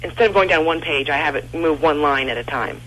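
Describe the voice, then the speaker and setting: A man's voice: fairly high pitch, a little fast, sharp tone. A man calling in to a radio show, giving plain, brief answers. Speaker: caller. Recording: phone line with faint hiss.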